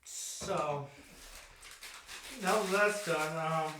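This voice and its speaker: A man's voice: high-pitched, unhurried, a bit bright. A young man co-hosting a podcast, chatting casually in a rambling, profane way. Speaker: podcast co-host. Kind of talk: casual chat. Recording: echoey room, distant mic.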